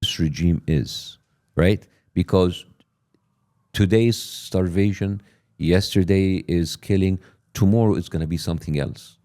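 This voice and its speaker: A man's voice: low voice, a little slow, dark tone. A man in a heated political discussion, pressing his point insistently and steering questions back to the big picture.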